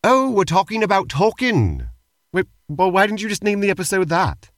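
A man's voice: sits high, sing-song, normal speed, no echo. A man co-hosting a comedy podcast, answering in a dry, exasperated manner. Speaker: podcast co-host.

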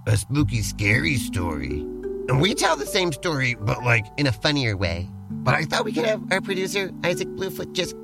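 A man's voice: medium pitch, huge pitch swings, moderate pace, creaky. A man co-hosting a comedic role-play podcast as game master, eager and teasing in his banter, over background music. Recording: music playing behind.

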